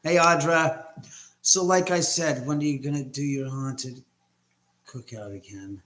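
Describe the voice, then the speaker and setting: A man with a medium-pitched, fairly bright voice hosts a relaxed live chat from his house, speaking a bit slowly into his laptop microphone. He wanders from thought to thought and says hello to viewers by name.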